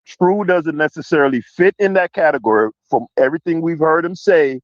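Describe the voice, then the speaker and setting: A man's voice: a little high, fairly quick, no room sound, dull audio. A man making his case in a heated podcast debate, emphatic and repeating his point. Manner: emphatic, repeats "that's all I'm saying".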